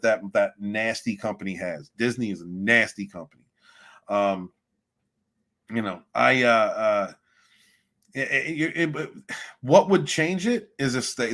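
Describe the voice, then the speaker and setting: Guy doing a livestream, lowish voice, rambly and sweary, reads out the chat. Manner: rambling, profane, loud swings of emphasis. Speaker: livestream host reading viewer chat. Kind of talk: casual rant and chat.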